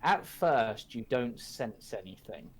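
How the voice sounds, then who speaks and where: A man narrating a tabletop game as game master, in slow, measured descriptions. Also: medium pitch, animated, a little hiss or hum, rough recording.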